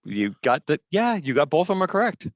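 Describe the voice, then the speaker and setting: A man's voice: on the high side, very animated, fairly quick, no echo, dull audio. A man teaching an online class over a headset, explaining step by step in a patient way and stressing the rules firmly.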